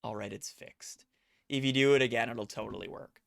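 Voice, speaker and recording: An adult streamer with a gravelly mid-range voice talks at a moderate pace in a casual chat with viewers. Their storytelling rambles, with quotes acted out and plenty of self-mockery.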